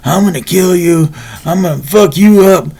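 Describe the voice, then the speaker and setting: A man voicing a volatile, drunk, tall young man in a loud, strained, high voice. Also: lively intonation, measured pace. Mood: angry.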